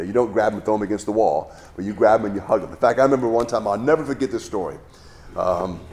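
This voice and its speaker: A man's voice: fairly low pitch, dark tone. A middle-aged man giving a conversational Bible teaching, telling stories in a rambling, folksy way with many restarts.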